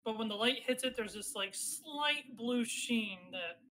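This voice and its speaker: A woman's voice: a little high, animated, a little slow, pushed and bright, a little hiss or hum, low-quality recording. A woman narrating as game master in a casual, hesitant way with many fillers.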